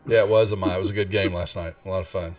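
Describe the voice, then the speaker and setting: A man's voice: deep voice, fairly even intonation, rapid-fire, far from the mic, soft background music. A man narrating as dungeon master of a live-streamed tabletop game, laid-back and chuckling. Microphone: streaming microphone.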